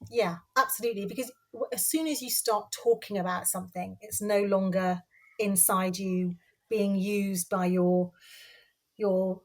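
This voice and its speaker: A woman's voice: medium pitch, steady tone, measured pace. A woman guest on a podcast, speaking earnestly and repeating phrases for emphasis. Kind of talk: casual conversational interview.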